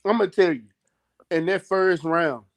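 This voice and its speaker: A man with a fairly high speaking voice argues about a fight in a loud, emphatic way. He talks slangy and casual and hammers his points home by repeating them. It sounds like a heated podcast chat. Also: measured pace. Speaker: boxing podcast co-host.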